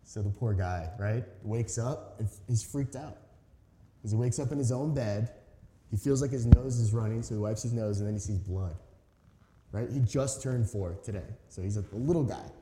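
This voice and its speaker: A man's voice: on the low side, moderate pace, warm tone, slight background noise. A man in his thirties preaching a sermon as a pastor, telling a story in a conversational, earnest way with emphatic stresses. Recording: echoey hall reverb.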